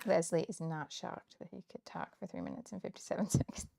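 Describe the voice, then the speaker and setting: A woman's voice: fairly low pitch, brisk, creaky, mellow. A woman from Kansas hosting a scrapbooking livestream, chatting casually and laughing often as she works. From Kansas, United States. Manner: chatty, laughs often, muses aloud while working. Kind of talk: casual live chat while crafting.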